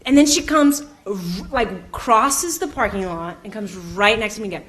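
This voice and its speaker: A woman's voice: mid-range voice, expressive, normal speed, fairly bright tone. A young woman in her twenties speaking at a youth event, telling funny personal stories that lead into a faith message. She laughs often, says "like" a lot and acts out the people in her stories. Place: indoor community event room.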